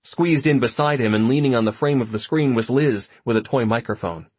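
Husky-voiced man narrating a story. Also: medium pitch, fairly quick, darkish tone, dry recording. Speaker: audiobook narrator. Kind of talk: first-person audiobook narration.

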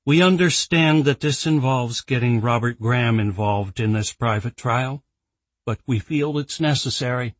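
A man voicing a tired woman executive giving a formal report in an audiobook, slow and weary. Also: mid-range voice, no echo, lightly acted.

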